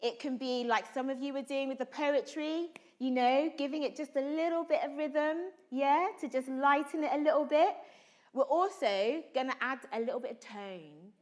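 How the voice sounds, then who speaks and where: A woman's voice: high-pitched, normal speed. A woman actor leading a drama workshop, coaching students and calling out questions to a room full of people. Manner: animated, calls out to the room, asks questions. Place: large room with a live audience.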